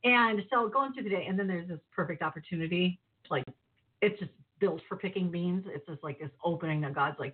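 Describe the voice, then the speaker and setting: A woman telling a lively personal story with laughter, acting out voices as she goes. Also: fairly low pitch, brisk, breathy edge. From northern Minnesota. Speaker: guest. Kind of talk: animated storytelling. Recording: phone-like narrow sound.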